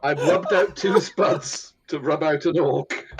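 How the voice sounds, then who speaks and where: A man's voice: on the high side, takes it slowly. A man chatting wryly as a player in a tabletop game. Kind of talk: casual tabletop game chat.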